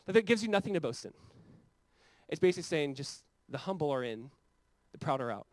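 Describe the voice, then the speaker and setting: A man's voice: fairly high pitch, sing-song, brisk, no echo. A man preaching a sermon as pastor, talking conversationally and building to fervent emphasis.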